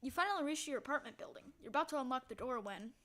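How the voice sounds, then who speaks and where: A woman playing a text adventure, reading the story aloud in a hushed voice and breaking into loud, excited reactions. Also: high-pitched, very fast, a little hiss or hum. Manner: reads narration quietly, bursts into loud excited reactions. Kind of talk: casual let's-play narration.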